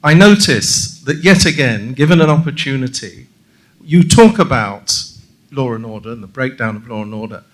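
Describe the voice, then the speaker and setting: A man's voice: medium pitch, animated, moderate pace, a little hiss or hum, low-quality recording. A man, a journalist in the audience, asking a panelist a long, pointed and combative question.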